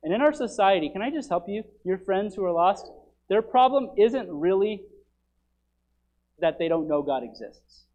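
A pastor preaching a sermon, swinging between loud, urgent declarations and quiet, low asides. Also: male voice, animated, normal speed, dull audio.

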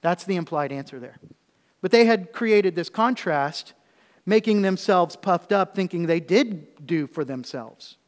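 A man's voice: high-pitched, animated, a little slow. A male preacher giving a sermon, explaining scripture with humorous asides and rhetorical questions. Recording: echoey hall.

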